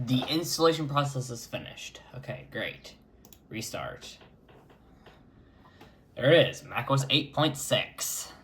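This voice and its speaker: A retro computing vlogger records his screen while talking through an old computer setup. His medium-pitched voice is fairly bright and sing-song, and he chats unhurriedly, muttering as he clicks.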